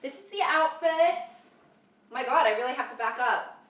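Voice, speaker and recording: Woman vlogger, casual makeup chat, slightly high voice, rambling crude humor, echoey room at home. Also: normal speed, a bit bright. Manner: chatty, rambling, crude jokes, lots of fillers. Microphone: camera mic, at times far from it.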